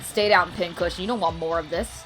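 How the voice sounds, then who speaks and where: A woman's voice: lowish voice, fairly even intonation, a little fast, music in the background, natural voice, rough recording. A woman voicing a cocky male bird wrestling champion with brash trash talk. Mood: taunting.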